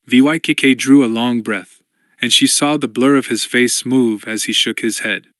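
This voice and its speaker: A man reading an audiobook as narrator in a measured, even storytelling manner. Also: mid-range voice, no room sound, studio quality. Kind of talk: scripted narration.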